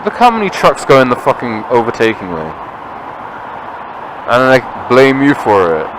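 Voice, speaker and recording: A young learner driver films himself ranting and swearing in exasperation as he drives along a busy road. His mid-range voice swings wildly in pitch at a normal speed, and loud road and traffic noise fills the car interior.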